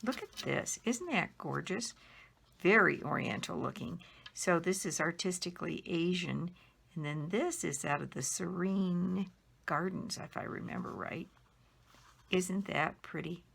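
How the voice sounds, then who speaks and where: Slow, gravelly-voiced woman admiring cards. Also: fairly low pitch, fairly bright tone. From Colorado. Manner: admiring, spells out names letter by letter. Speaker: card-making demonstrator. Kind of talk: casual show-and-tell of handmade cards.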